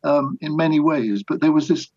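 A man's voice: a little high, normal speed, a little mellow, breathy edge, dull audio. An older man, a biographer, answering interview questions in a reflective, anecdotal way with hesitant restarts. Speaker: biographer guest.

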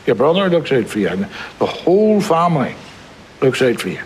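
An older grandfather from a film drama, played by a man, speaking tenderly and reassuringly with a dry wit. His voice sits at an ordinary middle pitch. A faint room ambience hangs behind him. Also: sing-song, brisk, slight background noise, close to an everyday voice, rough recording. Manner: tender, reassuring, dryly humorous. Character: warm older grandfather, gentle and wry.

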